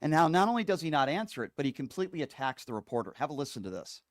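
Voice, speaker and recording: A man's voice: a little high, very animated, rapid-fire, heavy background noise. A man hosting a political talk show, chatty and emphatic, with lots of fillers. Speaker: host. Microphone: streaming setup microphone.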